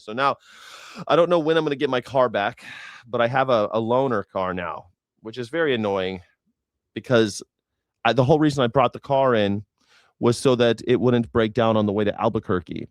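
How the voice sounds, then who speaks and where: A man's voice: mid-range voice, normal speed, dry recording. Rambling sarcastic man, dry close mic. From Los Angeles. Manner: rambling, sarcastic, jokey asides. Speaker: host of a news reaction stream. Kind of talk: casual livestream commentary.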